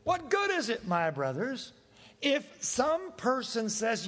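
A man's voice: extremely high pitch, huge pitch swings, takes it slowly, fairly bright tone, long reverb tail. A man preaching a sermon as pastor, emphatic, asking the congregation rhetorical questions. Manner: emphatic, rhetorical questions, acts out quoted voices. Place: church sanctuary.

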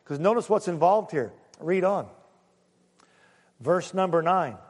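A man preaches in a high, bright voice that leaps up and down with emphasis. He jokes with his congregation and hammers his points with repetition. The sound rings with the long reverb of a church hall. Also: fairly quick. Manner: lively, joking, emphatic preaching with audience asides. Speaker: pastor. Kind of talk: sermon. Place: church sanctuary.

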